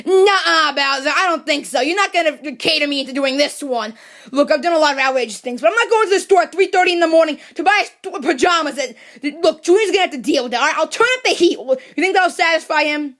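A woman's voice: high voice, expressive, quick pace, a bit bright. A woman voicing a cranky, overworked mushroom servant who rants sarcastically, in a comedy puppet skit. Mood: exasperated. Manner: exasperated ranting, sarcastic.

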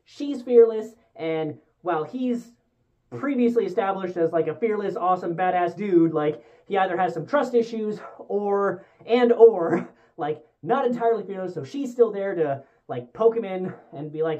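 A woman's voice: medium pitch, moderate pace, warm tone, highs cut off. Rambling young woman reviewing a movie. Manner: rambling and candid, with frequent fillers and self-corrections. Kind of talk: casual movie review vlog.

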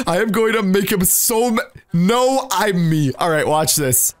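High-voiced giggly young man gaming. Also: slow pace. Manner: giggly, keeps laughing, animated and teasing. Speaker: Minecraft YouTuber. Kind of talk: excited gameplay commentary. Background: faint background music.

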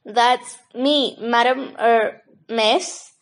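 A shy, eager young hotel porter with a West Country accent, friendly and a little awkward, as a woman reading the story puts him on. The voice sits fairly high in a plain storybook reading. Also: fairly even intonation, drawn-out words. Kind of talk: audiobook character voice.

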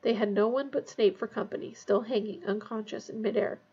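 A woman narrating a fantasy novel aloud in a tense, hushed storytelling manner. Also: medium pitch, steady tone, fairly quick, slightly rough, highs cut off. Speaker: audiobook reader.

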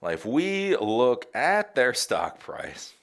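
A man hosting a casual commentary show, sarcastic and animated, laughing often. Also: medium pitch, takes it slowly, gravelly. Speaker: tech commentary host.

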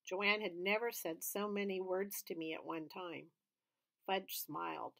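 A woman's voice: lowish voice, steady tone, a little slow, vocal fry, bright, forceful tone. A woman reading a children's book aloud, narrating steadily and expressively. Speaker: storybook reader.

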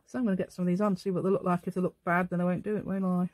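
A woman's voice: fairly low pitch, flat delivery, rapid-fire, a little mellow, no echo. Chatty woman, rambling craft talk. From England. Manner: rambling, chatty, talks to herself while working. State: tired. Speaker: craft channel host. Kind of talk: casual crafting tutorial chat.

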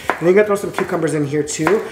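A woman's voice: low-pitched, very fast, reverberant, noisy background. A woman cooking at home for a vlog, tossing in crude, campy jokes while explaining each step. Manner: crude, campy joking asides. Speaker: home cook and vlogger. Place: home kitchen.

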